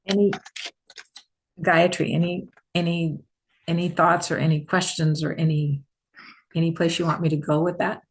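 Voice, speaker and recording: An older woman, a spiritual teacher, gently answering questions in a satsang talk, rambling with many restarts. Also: on the low side, flat delivery, moderate pace, long pauses.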